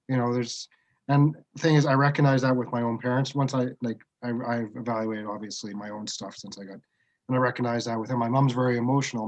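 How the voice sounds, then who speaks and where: A middle-aged Canadian man, a guest in a casual conversation, talks frankly and reflectively about his autism diagnosis, often restarting his sentences. His voice is medium in pitch, and the recording is low quality.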